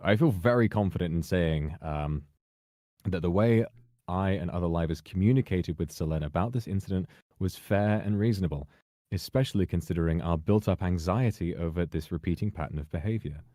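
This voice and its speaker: A man reading a prepared public statement in a measured, formal, carefully worded way. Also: deep voice, dark tone, no room sound, clean studio sound. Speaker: person giving a public statement.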